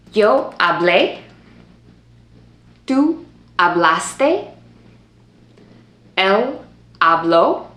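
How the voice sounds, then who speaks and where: A woman teaches a Spanish lesson, carefully sounding out each verb form for students to repeat. Her voice sits a little low and has a gravelly fry to it, and it rings in an echoey room. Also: a bit bright. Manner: clear, slow modeling of Spanish forms for repetition. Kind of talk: video language lesson.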